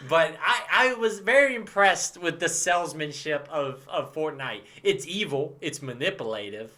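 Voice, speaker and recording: Thirties male podcast co-host, bright and punchy, swears freely, laughs through his stories. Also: fairly high pitch, normal speed. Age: 30s. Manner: animated, swearing, laughing storyteller. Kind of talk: casual chat.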